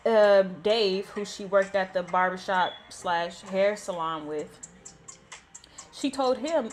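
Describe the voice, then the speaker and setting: A woman's voice: mid-range voice, slow. A woman in her thirties from the Bay Area, telling a story to her viewers in a chatty, blunt and profane way. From San Francisco Bay Area. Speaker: vlogger. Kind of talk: casual storytelling. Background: faint background music.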